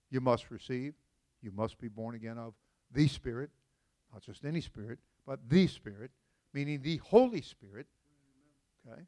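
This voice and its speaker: A man's voice: medium pitch, darkish tone. A man preaching as senior pastor in a church, in a conversational style full of folksy, joking asides to the congregation. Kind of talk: conversational sermon. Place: church sanctuary.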